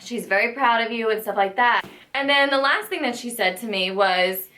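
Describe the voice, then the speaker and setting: A woman's voice: fairly high pitch, normal speed, bright, forceful tone. A young woman recounting a story to a friend in casual chat, rambling with lots of "like". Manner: rambling, lots of filler likes. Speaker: guest friend.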